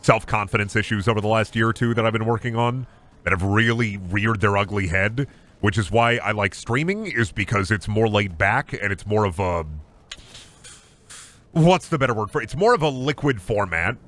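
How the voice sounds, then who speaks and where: A man's voice: fairly low pitch, normal speed, a bit bright. A man streaming a game, chatting casually in a rambling, silly, self-deprecating way. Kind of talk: casual chat while gaming.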